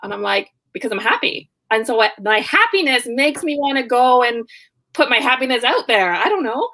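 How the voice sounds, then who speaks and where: Animated young woman telling stories. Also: fairly high pitch, normal speed. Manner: animated, acts out both sides of conversations; laughs often while talking. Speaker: guest, online business owner. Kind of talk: casual interview storytelling.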